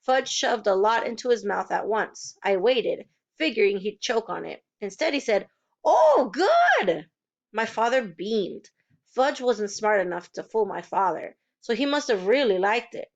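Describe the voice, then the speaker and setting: A woman reading a children's novel aloud in a steady, plain storytelling voice. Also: medium pitch, normal speed. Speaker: reader. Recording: dull lo-fi recording.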